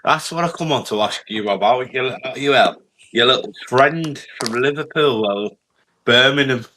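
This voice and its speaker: A Scottish man on a call in casual chat, crude and quick with short interjections. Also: medium pitch, pushed and bright, a little hiss or hum, rough recording.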